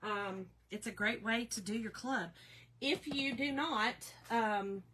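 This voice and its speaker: A chatty woman with a Southern drawl, talking to her viewers in a bright, lively voice while she works on a craft. Her pitch sits a little high, and she keeps calling her audience "y'all" in an easygoing, folksy way. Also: slow pace, slight background noise. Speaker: craft business owner hosting a live video. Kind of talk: casual live chat while crafting.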